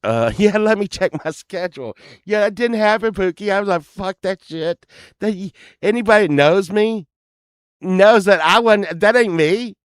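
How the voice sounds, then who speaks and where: A man's voice: high voice, expressive, moderate pace, smooth, dry recording, clean studio sound. Man telling a rambling, profane story. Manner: rambling, profane, laughs often. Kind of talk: casual storytelling.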